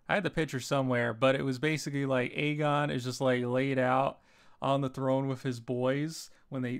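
A man's voice: mid-range voice, clean tone. A man giving a casual spoken review of a TV episode, rambling with lots of fillers. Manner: rambling, heavy with fillers like "you know" and "like".

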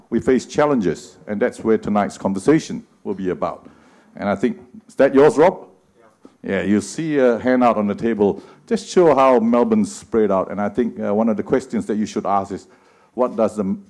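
A male councillor opens the evening with a short address to the audience. His voice sits low, and his delivery is earnest and speech-like, with a light joke near the end. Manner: earnest, speech-like with gentle humor. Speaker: city councillor giving an opening address.

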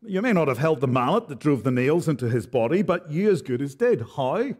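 Earnest preacher man, slightly high voice. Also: big pitch swings, brisk, a little mellow, slightly rough. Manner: earnest, direct, uses rhetorical questions. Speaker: pastor. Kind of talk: expository sermon. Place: church.

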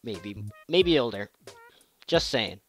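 A man's voice: lowish voice, sing-song, takes it slowly, a bit bright, soft background music. A man hosting a let's play, commenting on the game in a rambling, self-deprecating way. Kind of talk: gameplay commentary.

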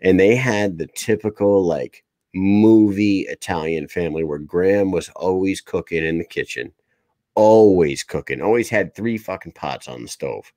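A man's voice: low-pitched, moderate pace, mellow, dry recording. A man co-hosting a live podcast, talking in a casual, rambling, profane way. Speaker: podcast co-host. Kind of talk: casual chat.

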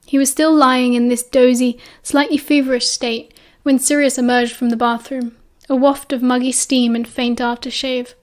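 High-voiced British woman reading aloud. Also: flat delivery, moderate pace, few pauses. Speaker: audiobook narrator. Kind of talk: audiobook narration.

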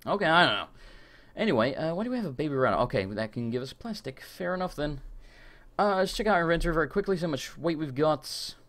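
A man giving casual live commentary while playing a video game, chatty and quick to rant and swear when annoyed. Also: a little high, expressive, a bit bright. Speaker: gaming streamer. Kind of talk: live let's-play commentary.

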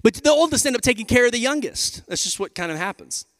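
Animated pastor in a reverberant hall. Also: male voice, extremely high pitch, fast. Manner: animated and conversational, addressing the crowd as y'all. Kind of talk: sermon. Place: large church auditorium. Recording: live hall with long reverb.

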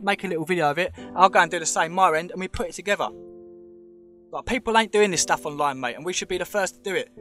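A man's voice: high voice, pushed and bright. An English man giving a casual, emphatic vlog commentary, talking straight to his viewers and calling them mate. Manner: chatty, emphatic, keeps saying "mate", talks straight to viewers. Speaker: vlogger.

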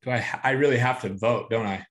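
A man's voice: medium pitch, fast talker, fairly bright tone. Blunt, exasperated male guest. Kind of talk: casual chat.

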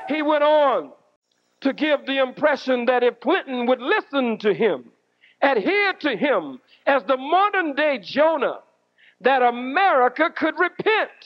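High-voiced man preaching fiercely. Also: very animated. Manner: preaching with dramatic pauses and shouted outbursts. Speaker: minister. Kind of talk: fiery sermon-style speech. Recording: dull lo-fi archive recording.

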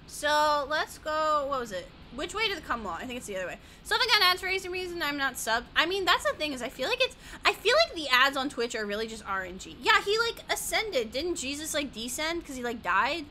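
A woman's voice: high-pitched, very animated, brisk, sharp tone, soft background music. A woman gaming streamer chatting casually while she plays, rambling, giggly, easily sidetracked and swearing a lot.

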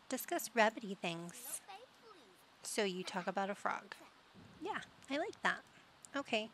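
A woman's voice: medium pitch, lively intonation, unhurried, pauses often, fairly bright tone, a little hiss or hum. A young adult woman casually commenting on her gameplay, cooing and doting as she talks to the pets in her game. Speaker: gaming channel host.

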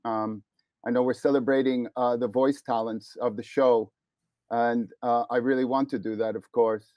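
A man speaking as a guest with a mellow, warm tone, close to a dry mic. He talks in a gracious, thankful way and takes his time with his words. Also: medium pitch, fairly even intonation, moderate pace, no echo. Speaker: show creator, interview guest. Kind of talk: casual chat.

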